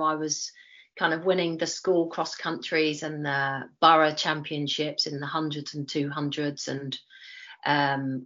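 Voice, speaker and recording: A woman, telling her life story as an interview guest, animated and acting out quoted voices. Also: low voice, muffled recording. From East London, England. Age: 40s. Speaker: interview guest, former Olympic athlete.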